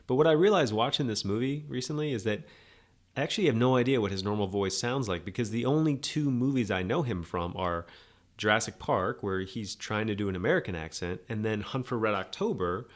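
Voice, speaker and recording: Man, podcast host, lowish voice, casual sarcastic movie rant. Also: animated, fairly quick. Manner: opinionated, rambling, sarcastic. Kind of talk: casual movie review monologue.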